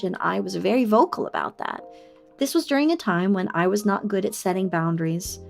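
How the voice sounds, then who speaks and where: A young woman streaming, confiding a personal story in an unhurried, middle-pitched voice. Every so often she breaks into high, excited squeals at her chat. Soft music plays faintly behind her. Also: gravelly. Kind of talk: casual livestream chat, telling a personal story.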